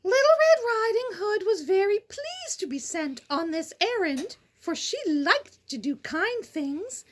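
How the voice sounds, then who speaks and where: A woman's voice: extremely high pitch, big pitch swings, a little slow. A woman hosting a casual storybook read-aloud, breaking off into chatty, silly asides and giggles. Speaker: storyteller host.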